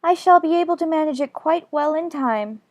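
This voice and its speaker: A woman voicing high, earnest young Alice. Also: a little fast, darkish tone, natural voice. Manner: earnest, argumentative, slightly prim. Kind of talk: full-cast audiobook acting.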